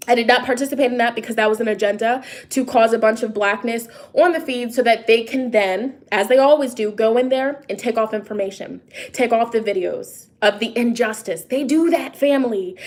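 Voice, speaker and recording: A woman with a somewhat high voice, speaking in a loose, casual vlog monologue. She talks straight to her viewers, pressing her points with rhetorical questions and backing up to restart her sentences. She sounds emphatic and conversational throughout. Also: a little fast. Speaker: tarot reader and psychic.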